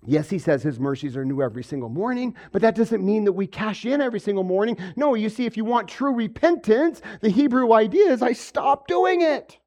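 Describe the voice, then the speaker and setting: A pastor giving a sermon, moving from quiet stretches to loud, emphatic preaching and asking his congregation questions. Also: sits high, lively intonation, brisk, hardly any pauses. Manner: asks the audience questions. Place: room with a congregation.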